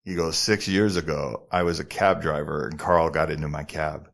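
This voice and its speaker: Low-voiced middle-aged man telling a story. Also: normal speed, vocal fry. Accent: New Jersey. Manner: animated, profane, acts out other people's lines. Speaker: podcast guest, former model. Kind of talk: casual storytelling interview.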